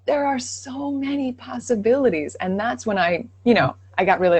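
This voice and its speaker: A woman guesting on a live-stream Q&A, telling stories with animated enthusiasm. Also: a little high, normal speed, few pauses, husky, no echo. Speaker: guest, dialect coach.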